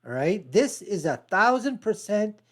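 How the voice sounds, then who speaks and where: A man's voice: high-pitched, big pitch swings, unhurried, fairly bright tone. A man hosting a reaction video, commenting casually and laughing often with mocking asides.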